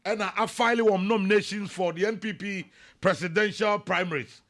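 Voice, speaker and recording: A man with a Ghanaian accent hosting a morning radio show, chatting casually and reading listener messages and news in an animated way. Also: high voice, brisk. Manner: animated, switching between Twi and English, reads messages aloud. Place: radio studio.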